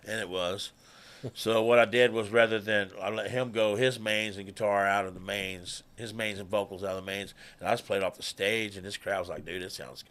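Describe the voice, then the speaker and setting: A man, a musician guest telling stories in casual talk, animated and swearing freely. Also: lowish voice. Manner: animated, swears freely, acts out quoted people. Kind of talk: casual conversational storytelling.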